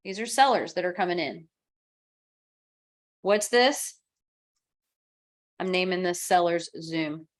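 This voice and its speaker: Woman talking through a software tutorial. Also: medium pitch. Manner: talks through clicks step by step, acts out client texts. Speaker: real estate software coach. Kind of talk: screen-share software tutorial.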